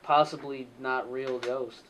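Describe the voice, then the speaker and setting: A man's voice: mid-range voice, steady tone, slow pace, fairly bright tone. A man in a casual podcast chat, joking and laughing often. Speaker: podcast co-host. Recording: distant mic, faint noise.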